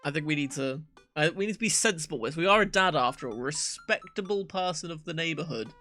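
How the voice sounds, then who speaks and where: A man's voice: on the high side, animated, quick pace, bright, forceful tone, soft background music. A man streaming a dating game, reading lines aloud in a playful way, swearing and stumbling over words.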